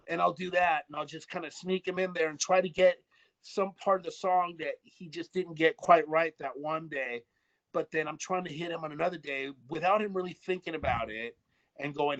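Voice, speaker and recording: A man's voice: fairly high pitch, moderate pace, muffled recording. A man, a recording engineer, telling studio stories in a casual video-call chat, swearing freely and acting out quotes. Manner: animated storyteller, swears freely, acts out quotes. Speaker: recording engineer and producer guest.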